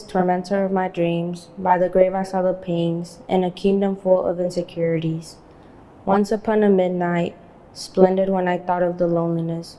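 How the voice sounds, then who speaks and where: A young woman from Mexico, reciting a poem and speech in an earnest, halting way, mixing in Spanish. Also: on the low side, dark tone, rough recording. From Chihuahua, Mexico. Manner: earnest, halting, switches between English and Spanish.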